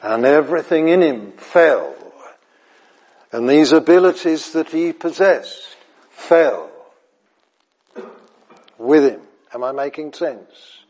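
A man's voice: on the high side, slow, pauses often. A man preaching an evening sermon. He shifts between emphatic repetition and near-whispers, chuckles, and checks whether his listeners follow him. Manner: animated, repeats phrases, drops to near whispers; chuckles and asks the audience if he makes sense.

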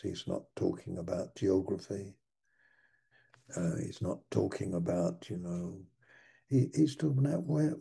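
A male preacher delivers a sermon in a very dark, husky voice. He speaks slowly, stumbling and repeating words as he works his way toward each point. A gravelly fry runs under his lower phrases. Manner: halting, repeats words while searching for them.

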